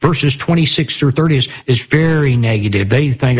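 A man leads a Bible study in a slightly husky voice at a middle pitch. He keeps asking his listeners rhetorical questions and reads scripture aloud in a plain teaching manner. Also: moderate pace.

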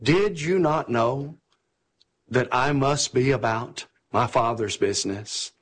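A man voicing a calm, earnest boy gently questioning his parents. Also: medium pitch, slow, pitched below the performer's own voice. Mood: puzzled.

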